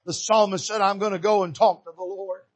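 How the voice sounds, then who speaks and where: High-voiced older preacher from Michigan. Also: male voice, steady tone, fairly quick. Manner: swings between shouted exhortation and hushed, soft emphasis. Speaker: pastor. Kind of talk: preaching a sermon. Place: church pulpit.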